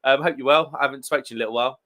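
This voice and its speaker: A man hosting a live beer stream, chatting loosely with viewers. His voice sits at an ordinary pitch but sounds very bright and forward. He rambles, restarts, and fills gaps with "um". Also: very fast. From England. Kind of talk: casual live chat reading viewer comments.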